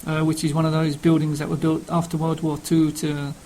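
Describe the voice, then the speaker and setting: A man's voice: fairly high pitch, monotone, a little fast, warm tone, slight background noise, poor audio. A man with a Cockney London accent introducing himself casually, rambling with many ums and uhs. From England. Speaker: language learning speaker.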